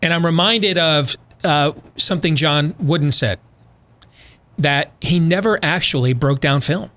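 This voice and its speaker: A male talk radio host with a slightly high voice, leaning on rhetorical questions in a loose, emphatic monologue. He shifts easily into a sponsor read without losing the conversational tone. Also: measured pace, pushed and bright.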